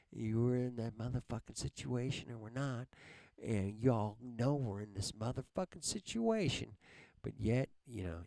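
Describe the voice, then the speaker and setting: This livestream host's medium-pitched, darkish voice carries vocal fry as he angrily tears into his viewers. He swears heavily and keeps tacking "man" onto his phrases. There's no room sound at all.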